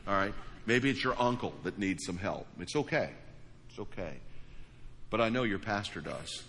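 A man preaching in a big church auditorium, his bright, forceful voice ringing with a long hall echo over a faint murmur of the room. His pitch sits on the low side, and he talks to the congregation in an earnest, conversational way, stumbling and restarting as he goes. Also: animated, fairly quick, slight background noise. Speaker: pastor. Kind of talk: sermon with prayer and altar call.

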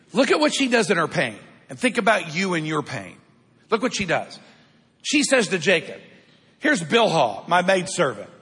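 A man's voice: high-pitched, huge pitch swings, measured pace, long pauses, bright, forceful tone, breathy edge. A man preaching a sermon in a church, calling out to the congregation for responses. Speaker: pastor. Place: church sanctuary. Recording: long hall reverb.

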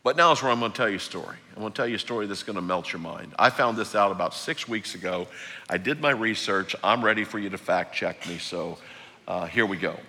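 A man preaching a sermon in a church, swinging between loud emphatic highs and hushed low passages. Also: fast talker, in a large hall. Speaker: pastor. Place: church sanctuary.

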